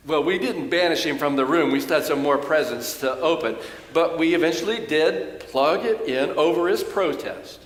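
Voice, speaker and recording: A man, a pastor, preaching a sermon in a church and telling a story, lively when he quotes others. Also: on the high side, moderate pace. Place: church sanctuary. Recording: echoey church hall with long reverb.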